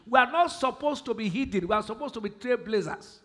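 A Nigerian pastor preaching in a very high, lively voice that leaps up and down. His tone is bright and forceful, and he throws in sudden shouted lines. The sound carries the long reverb of a large church hall. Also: a little fast, few pauses. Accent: Nigerian English. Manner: preaching with sudden shouted emphasis and Bible quotes. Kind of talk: sermon.

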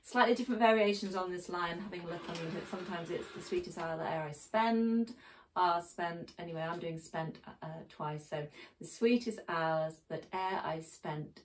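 A woman's voice: lowish voice, moderate pace. Chatty English woman teaching a song. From England. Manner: chatty, with frequent ums and uhs. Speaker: singing teacher. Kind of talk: casual spoken singing lesson. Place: home in a village.

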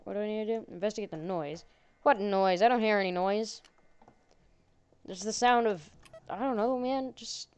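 Woman gamer with a smooth, clear voice, playing a spooky burger game, sarcastic, jokes at the characters. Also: mid-range voice, a little mellow, muffled recording. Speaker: gaming channel host. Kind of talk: horror game let's play commentary.

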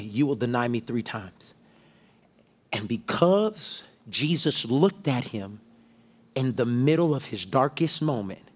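A man preaching a sermon, emphatic, moving from shouts to hushed tones. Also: medium pitch, slightly rough. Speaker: pastor.

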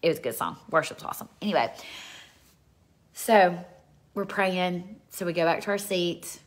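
Low-voiced woman minister telling a story. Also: moderate pace. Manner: gushing, rambling with many fillers. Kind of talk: casual storytelling.

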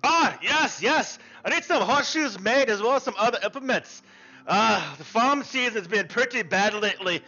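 A man voicing a gruff, blunt, quick-tempered farm owner who talks coarsely. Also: sits high, expressive, sharp tone, dull audio, exaggerated voice. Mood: businesslike.

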